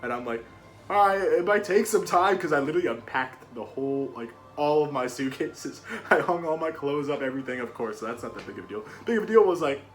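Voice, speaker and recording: A man's voice: mid-range voice, fast, hardly any pauses, soft background music. A young man vlogging to camera from a rented room, telling a story casually and acting out his own panicked lines. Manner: animated, acts out his own panicked quotes.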